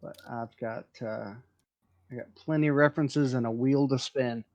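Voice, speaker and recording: A joking, rambling man hosts a casual group voice chat and stumbles through fillers and restarts. His voice sits at a middling pitch. The stream audio sounds dull and lo-fi. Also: steady tone, moderate pace, a little mellow. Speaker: stream host leading a drawing session.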